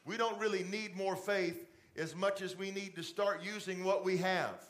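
Fairly even in intonation and moderate in pace, a middle-aged pastor delivers a conversational sermon from a church stage. His voice is fairly high for a man, and he softens into a fatherly tone for asides directed at the congregation.

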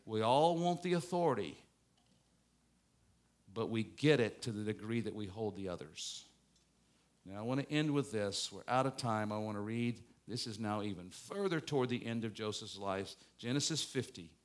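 A man preaching a sermon as a pastor, swinging between loud emphatic passages and quiet reflective ones. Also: fairly low pitch, animated, normal speed. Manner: preaching with strong rises and falls, mock-gloating asides.

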